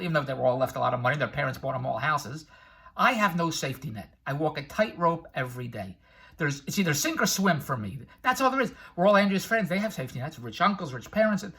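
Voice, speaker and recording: Brash and full of tangents, this older vlogger and infomercial producer rambles through a motivational talk, chuckling at his own jokes. He speaks in a high-pitched, bright, forceful voice with a breathy edge.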